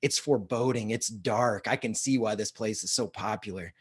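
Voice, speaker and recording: A man's voice: lowish voice, slightly rough. Self-deprecating male storyteller. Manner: self-deprecating, animated, halting restarts. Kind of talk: comic live storytelling.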